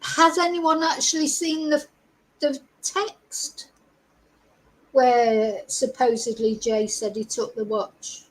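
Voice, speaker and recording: A woman's voice: high voice, level tone, slow pace, rough recording. A middle-aged woman, hosting a chatty live-stream commentary, reading out news and asking her viewers rhetorical questions. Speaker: host.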